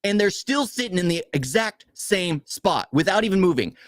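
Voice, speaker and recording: A man's voice: sits high, animated, normal speed, fairly bright tone, dry recording. A man co-hosting a casual movie review, ranting in frustration with rhetorical questions.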